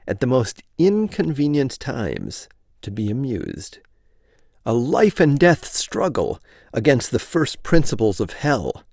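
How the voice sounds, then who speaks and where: A man narrating a vintage novel in an informal, expressive reading. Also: mid-range voice, vocal fry, husky, no room sound. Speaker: reader.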